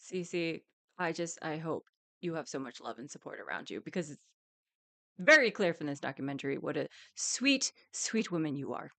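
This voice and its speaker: A woman's voice: deep voice, big pitch swings, normal speed, vocal fry, fairly bright tone, dry recording. A woman streaming a live reaction, ranting angrily and swearing, with bursts of laughter.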